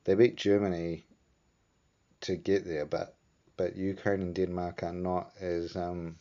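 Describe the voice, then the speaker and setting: Deep-voiced, laid-back New Zealand man. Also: little pitch movement, measured pace, dark tone. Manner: rambling, laid-back, swears casually. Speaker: vlog host. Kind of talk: casual rambling chat. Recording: dull lo-fi sound.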